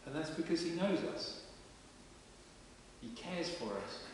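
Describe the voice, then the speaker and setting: A vicar preaches a sermon in a large stone parish church, his voice on the high side, animated and unhurried, in a chatty, plain-spoken style. A distant camera mic picks him up from far off, so the church sounds echoey and there's hiss.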